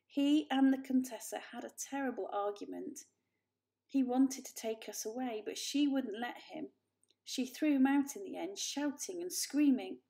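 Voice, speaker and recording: Woman playing an old cat elder, worried, pleading, gravelly, storybook. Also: a little high, moderate pace, warm tone. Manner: earnest and pleading.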